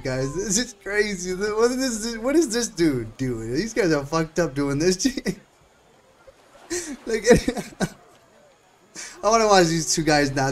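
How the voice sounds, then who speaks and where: A man streaming live gameplay, reacting with lots of laughter and slangy, excited commentary. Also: on the high side. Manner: slangy and swearing. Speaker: game streamer.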